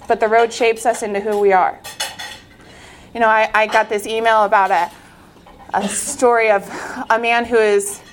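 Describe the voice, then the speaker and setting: A woman who is a former Olympic swimmer gives an inspirational faith talk, telling her story in an earnest, animated way. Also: on the high side, a little hiss or hum.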